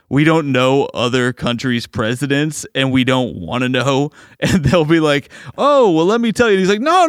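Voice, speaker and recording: A man hosts a comedy show from a studio, rambling enthusiastically and chuckling as he talks. His voice sits at a middle pitch and sounds smooth and clear. The close mic gives a dry sound with no room echo. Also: fairly bright tone. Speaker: radio show host. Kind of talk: casual commentary.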